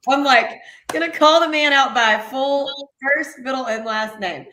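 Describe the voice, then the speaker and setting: Woman podcast cohost, lively storytelling, echoey room sound. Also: high-pitched, measured pace, slight background noise. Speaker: podcast co-host. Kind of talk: casual sports chat.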